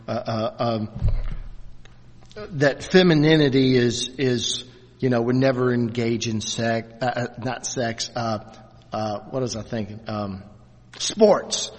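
An older man teaches a church class in a reverberant hall, his speech full of restarts and fillers. His voice sits at a middling pitch. The long echo of the room trails every phrase. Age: 60s. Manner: halting, many restarts and fillers. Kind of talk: church class lecture with questions.

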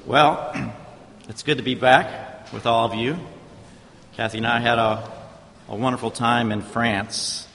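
A middle-aged man preaching a sermon in a church, praying and telling stories in a measured, conversational way. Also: mid-range voice, fairly even intonation, gravelly, a bit bright, slight background noise. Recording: reverberant church hall.

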